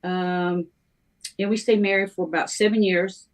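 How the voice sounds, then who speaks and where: A middle-aged woman, a minister, telling her life story in a halting, conversational way, with many ums and restarts. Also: mid-range voice, fairly even intonation. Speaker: guest minister sharing her testimony.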